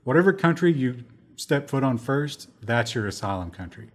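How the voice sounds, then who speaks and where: A man's voice: mid-range voice, lively intonation, moderate pace. A man co-hosting a casual tech news discussion, sardonic, acting out quoted people in mocking voices. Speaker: co-host.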